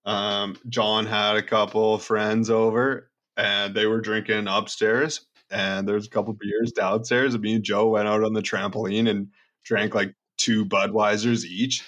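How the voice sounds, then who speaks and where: A man's voice: on the low side, little pitch movement, unhurried, fairly bright tone, dull audio. A young man on a podcast over a video call, telling laid-back, crude stories among friends. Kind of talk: casual storytelling.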